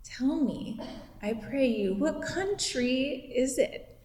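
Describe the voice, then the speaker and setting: A woman voicing a cold, enchanting witch queen who speaks slowly and low. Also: animated, darkish tone. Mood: dismissive. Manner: slow, low, lulling. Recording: echoey hall.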